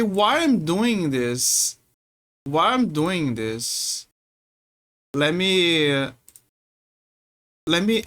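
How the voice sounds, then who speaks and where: A woman's voice: on the low side, fairly bright tone. Playful woman streamer. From Brazil. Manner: rambling, playful, many restarts. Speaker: game streamer. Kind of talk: casual stream chat while gaming.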